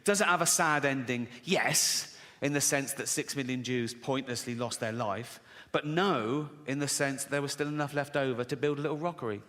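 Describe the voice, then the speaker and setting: A man's voice: medium pitch, normal speed. Sardonic British stand-up man, echoey venue. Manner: sardonic, swearing, mocking asides. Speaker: stand-up comedian. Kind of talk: stand-up comedy routine. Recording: echoey venue with loud laughter. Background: audience laughter.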